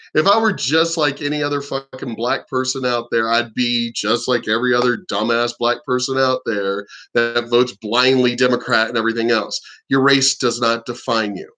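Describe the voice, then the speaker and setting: A man's voice: mid-range voice, steady tone, moderate pace, pushed and bright. A man from the East Coast ranting bluntly and animatedly on his vlog, cursing freely. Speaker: vlogger. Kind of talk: casual profane rant.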